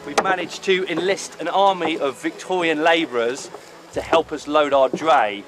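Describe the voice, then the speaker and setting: A man's voice: a little high, normal speed, music in the background, rough recording. A man speaking casually and cheerfully outdoors in a field. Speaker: living-history participant. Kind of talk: casual speech to camera.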